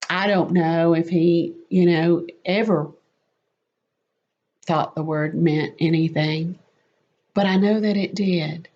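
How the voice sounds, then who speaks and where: A woman telling a lively, self-mocking personal faith story as a testimony. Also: on the low side. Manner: animated, quick and self-mocking. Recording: slightly muffled lo-fi audio.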